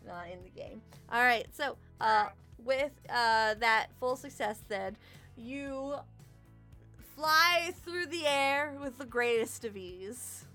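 A woman narrating a tabletop game as game master, vivid and expressive. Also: a little high, slow pace, faint music behind. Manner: expressive, vivid storytelling with fillers.

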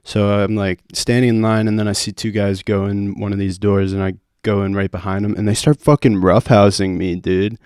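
A young man with a low, smooth, resonant voice tells a story on a casual podcast. He gets animated and swears freely, loudly acting out the quotes. The sound is close and dry. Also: fairly quick, hardly any pauses, no echo. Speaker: podcast co-host. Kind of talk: casual chat.

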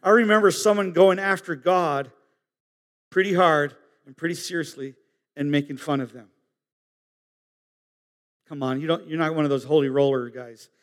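A fairly high-voiced man delivers a sermon with earnest, halting phrasing. He climbs to emphatic peaks and drops to hushed asides. His voice rings with the long reverb of a big hall. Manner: earnest, pausing, rising to emphatic peaks and dropping low. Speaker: pastor.

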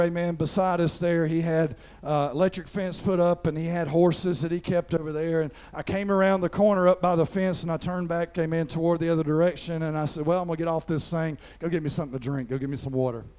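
A middle-aged pastor with a somewhat high, steady voice preaches quickly and with few pauses. He tells a folksy personal story scattered with "amen," building up to loud preaching.

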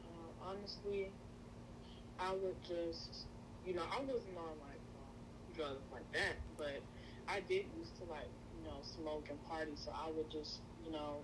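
A woman's voice: low-pitched, measured pace, noisy background. A woman guest in a casual faith chat, answering in a hesitant, thoughtful way with many fillers.

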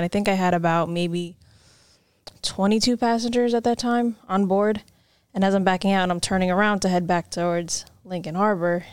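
A woman's voice: lowish voice, darkish tone, smooth, dry recording, clean studio sound. A woman ferry captain, recounting a river rescue in a plain, matter-of-fact way during a casual interview. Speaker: ferry captain, podcast guest.

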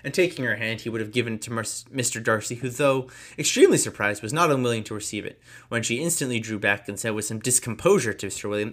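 Guy reading an old novel out loud, fast, drops in little offhand comments. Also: medium pitch, lively intonation. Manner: brisk, with casual asides. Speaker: reader. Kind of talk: reading a classic novel aloud.

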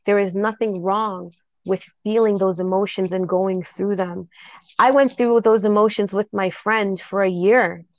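A woman's voice: medium pitch, fairly even intonation, a little slow, no echo, dull audio. A woman hosting a casual spiritual podcast, telling heartfelt stories and laughing often. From Jamaica. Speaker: podcast host.

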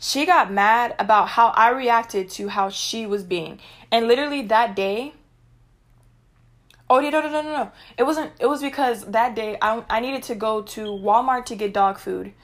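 Animated young woman venting on a vlog. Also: fairly high pitch, moderate pace. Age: young adult. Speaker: vlogger. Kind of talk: personal storytelling vlog.

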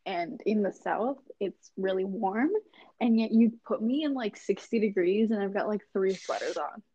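A woman's voice: mid-range voice, moderate pace, mellow, slight background noise. A young woman from the American South, co-hosting a podcast in a joking, chatty way. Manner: chatty, joking, lots of fillers. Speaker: podcast co-host. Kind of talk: casual chat. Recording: muffled lo-fi audio.

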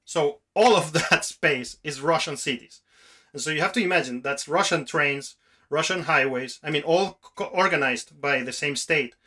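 A man's voice: a little high, pushed and bright. A man hosting a podcast, musing in a rambling, casual way with frequent restarts. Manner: rambling, restarts often, talks in long musings. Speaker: podcast host.

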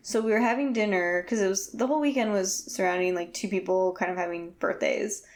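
A woman in casual conversation, rambling through a story with many fillers and animated quotes. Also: mid-range voice, fairly quick. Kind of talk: casual chat.

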